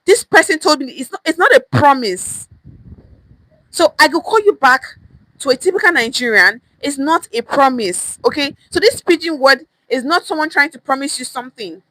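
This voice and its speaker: A woman's voice: high-pitched, lively intonation, moderate pace, sharp tone, no room sound, rough recording. A woman teaching pidgin phrases on a live stream, emphatic and repetitive, often checking in with "okay?", at times out of breath. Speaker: pidgin language coach.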